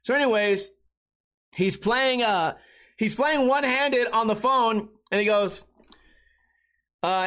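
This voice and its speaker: Profane rambling podcast host, high voice. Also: male voice, slow pace, pauses often, a bit bright. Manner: profane, rambling, self-deprecating. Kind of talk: casual solo podcast monologue.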